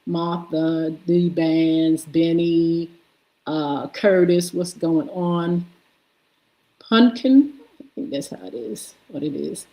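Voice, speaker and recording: A woman hosting a live morning stream, slowly reading out and greeting viewers by name, sounding out names as she goes. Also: fairly low pitch, dark tone, rough recording. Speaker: host. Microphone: streaming setup.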